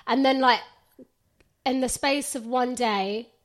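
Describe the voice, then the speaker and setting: A woman's voice: sits high, steady tone, takes it slowly. A woman chatting casually as a podcast co-host, telling stories with a giggly, self-conscious manner. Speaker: co-host, recent bride. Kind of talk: casual chat.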